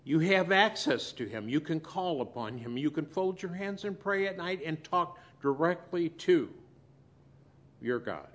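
Pastor guy preaching real slow, bit high-pitched, goes loud then drops soft. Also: lively intonation. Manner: swings between loud emphasis and soft asides. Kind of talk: sermon.

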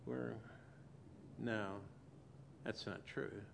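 Slow-paced preacher man, fairly high voice. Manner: swings between loud emphasis and soft asides. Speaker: pastor. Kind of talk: sermon.

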